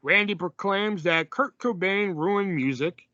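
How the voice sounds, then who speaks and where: A man's voice: sits high, unhurried, bright, forceful tone, dry recording, dull audio. Laid-back man recapping a film. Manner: laid-back, lots of fillers and laughs. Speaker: podcast co-host recapping a film. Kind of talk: casual chat.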